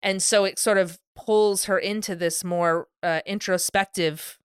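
A woman co-hosting a podcast, chatting casually with animated, enthusiastic energy and frequent laughter. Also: mid-range voice, a little slow, smooth, no room sound, studio quality. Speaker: podcast co-host. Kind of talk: casual chat.

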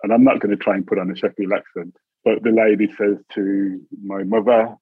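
A low, husky man's voice, telling family stories in an easy, chuckling way and slipping into voices for the people in them. The sound is dry and thin, like a phone line. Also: little pitch movement, a little fast, no room sound. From England. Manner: chuckles often, acts out voices in his stories. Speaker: interview guest, poet. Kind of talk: relaxed storytelling in an interview.

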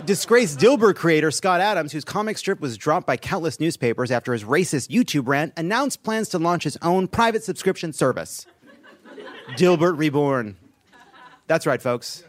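A man's voice: on the high side, animated, moderate pace, no room sound. A man hosting a podcast, delivering a sardonic comedic news monologue with swearing and laughing at his own jokes. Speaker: podcast host.

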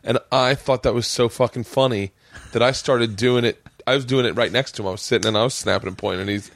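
A man hosting a casual podcast, telling stories in a rambling, animated way and swearing a lot. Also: mid-range voice, quick pace, creaky, no room sound, studio quality. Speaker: podcast host. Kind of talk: casual chat.

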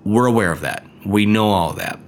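A man's voice: lowish voice, animated, moderate pace, a little hiss or hum. Stuffy-nosed man hosting a sports podcast. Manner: conversational, frequent fillers and restarts. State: nasal, stuffy from a cold. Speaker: podcast host. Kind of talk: solo sports podcast talk.

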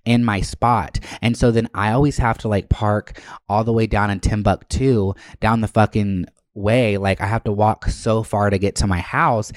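A man's voice: fairly low pitch, dry recording, clean studio sound. A man telling a story in a casual, profane and exasperated rant.

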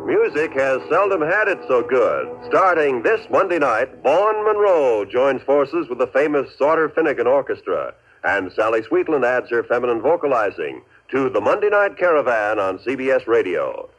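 A man's voice: medium pitch, very animated, normal speed, hardly any pauses, a bit bright, faint music behind. A man reading credits and promotions as a formal 1950s radio announcer. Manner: formal and polished. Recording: dull old radio broadcast.

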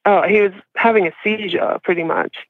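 A woman's voice: medium pitch, fairly quick, dry recording. A woman caller telling a personal story in a casual confessional way, rambling with lots of "like" and frequent laughter. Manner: rambling, heavy use of "like", laughs often. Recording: tinny phone line.

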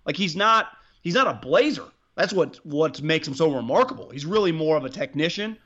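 A man's voice: a little high, expressive, a little fast, a bit bright. Rambling, profane man with muffled audio. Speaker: podcast co-host. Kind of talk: casual sports chat.

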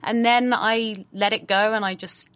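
An English actress chatting lively and easily in a casual podcast interview, often laughing. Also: female voice, medium pitch, unhurried. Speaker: actress guest.

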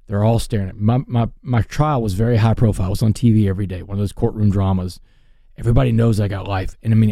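A man telling his life story as a guest in an interview, in an earnest, animated way. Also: on the low side, vocal fry, no room sound, clean studio sound.

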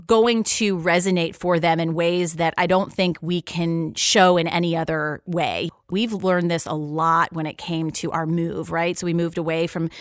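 A woman's voice: on the low side, fairly even intonation, moderate pace, few pauses, no echo. Earnest woman co-host on a dry mic. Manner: earnest, summarizing and introducing clips. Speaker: podcast co-host and mother. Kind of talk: reflective chat.

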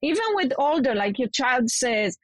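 A woman child development specialist giving calm, explanatory parenting advice as a podcast guest. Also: sits high, normal speed, over a noisy crowd. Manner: calm, explanatory, models soothing phrases for parents. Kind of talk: expert advice in a podcast conversation.

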